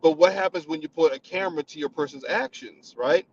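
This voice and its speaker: A man calling in to a podcast, talking in a measured, reflective way with many fillers. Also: fairly high pitch, wildly swooping pitch, creaky, darkish tone, husky, muffled recording. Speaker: caller. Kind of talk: call-in commentary.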